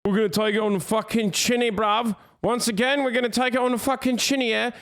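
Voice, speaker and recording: A man's voice: extremely high pitch, fairly even intonation, quick pace, fairly bright tone, voice pushed up. A man doing a mock British accent as a blustering male prime minister, stumbling over fillers and slang. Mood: rowdy.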